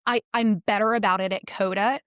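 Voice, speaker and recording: A woman co-hosting a casual podcast, telling lively stories at her own expense. Her voice sits at a middling pitch and picks up speed when she gets going. The sound is close and dry. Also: clean tone, dry recording. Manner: animated, quick anecdotes with playful self-mockery. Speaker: podcast co-host. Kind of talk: casual chat.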